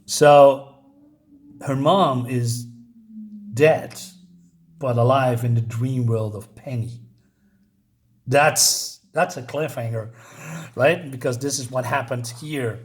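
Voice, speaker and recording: A man reviewing a comic book in a casual, rambling way, full of fillers and restarts, reading the dialogue out in a flat voice. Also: mid-range voice, slow pace, pauses often, slight background noise.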